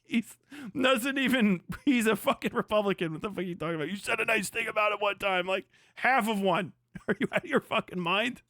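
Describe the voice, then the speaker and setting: Profane ranting streamer with a high voice. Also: male voice, no echo, clean studio sound. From Kentucky. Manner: crude, mocking, loud ranting with frequent laughter. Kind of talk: profane political rant on a livestream.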